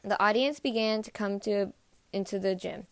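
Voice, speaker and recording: Picture-book narrator, woman, mid pitch, dry close sound. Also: normal speed, a bit bright, no echo. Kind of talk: storybook read-aloud.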